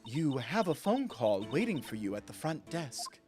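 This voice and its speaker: A man voicing a stiff, formal hotel bellhop in a low, quiet, deliberate way. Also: very animated, faint music behind. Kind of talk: reading game dialogue aloud.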